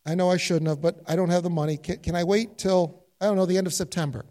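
Guy doing a nervous teen boy, kinda high voice, stammery and sorry. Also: fairly even intonation, fast talker, warm tone, in a large hall, lightly acted. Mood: sheepish. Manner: apologetic, hesitant. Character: sheepish teenage boy borrowing money.

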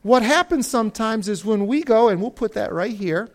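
An animated Bible teacher whose pitch leaps all over as they tell the stories. The delivery swings from loud outbursts to near-whispers, and the pitch sits in a middle range. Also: moderate pace. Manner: expressive storyteller with big swings between loud and hushed. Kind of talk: animated Bible story lesson.

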